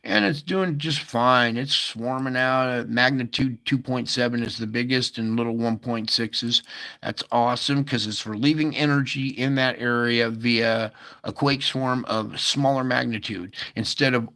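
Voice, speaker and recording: A man's voice: medium pitch, steady tone, unhurried, a bit bright. A man hosting a casual earthquake update, thinking aloud over maps with many fillers and asides. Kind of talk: casual screen-share commentary.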